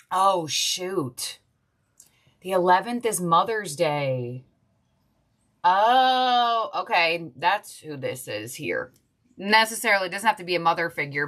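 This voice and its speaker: A woman's voice: fairly low pitch, pushed and bright. A woman giving a casual tarot reading, chatty and heartfelt, thinking aloud as she goes. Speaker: tarot reader.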